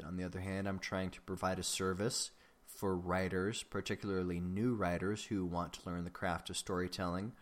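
A man hosting his own podcast, chatting casually and rambling with frequent ums and self-deprecating asides. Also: deep voice. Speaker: podcast host. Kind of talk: casual solo podcast chat.

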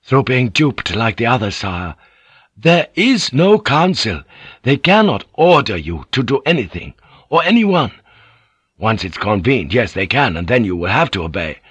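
A man's voice: medium pitch, very animated, a little slow, breathy edge, dry recording, heavily acted. A man reading an earnest, persuasive samurai vassal. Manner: earnest, persuasive, quietly authoritative. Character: loyal, shrewd samurai vassal, adult man. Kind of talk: audiobook character reading.

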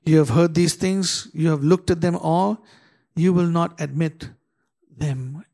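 A man's voice: fairly high pitch, vocal fry, dark tone. Emphatic man preaching a sermon. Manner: emphatic preaching with rhetorical questions and slow dramatic readings. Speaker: pastor.

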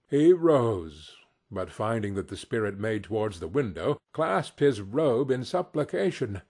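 A man reading a classic tale aloud with a slightly husky voice. He takes his time and lets his pitch roam widely to color the story. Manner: expressive, unhurried storytelling. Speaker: audiobook narrator. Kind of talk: scripted narration.

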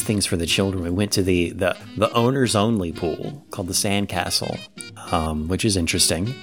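A man in his late thirties from Ohio, co-hosting a podcast and telling a long casual story, quick to act out other people's lines. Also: low voice. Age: 30s. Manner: rambling storyteller, animated when quoting others. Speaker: podcast co-host. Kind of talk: casual chat.

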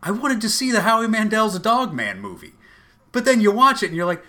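Bright-voiced man co-host, excitable and swearing, lots of laughs. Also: high-pitched, fairly quick. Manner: animated, profane, laughs often. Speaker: podcast co-host. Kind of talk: casual comedic chat.

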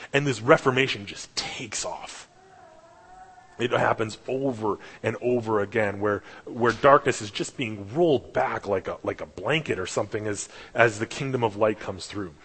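A man's voice: mid-range voice, expressive, moderate pace, fairly bright tone, breathy edge. A man preaching a casual sermon, rambling through stories with restarts and fillers and acting out the dialogue. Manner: acts out quoted dialogue in his stories. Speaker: lay preacher. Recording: echoey hall, long reverb.

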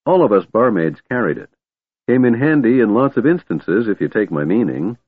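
A man voicing a brisk, practical young woman barmaid, on a tinny, dry recording. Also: fairly low pitch, very animated, breathy edge, voice pushed up.

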